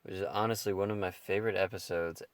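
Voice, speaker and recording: A man's voice: low-pitched, fairly even intonation, fast, no echo. A young man co-hosting a podcast in casual chat, who laughs as he retells comedy scenes. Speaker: podcast co-host.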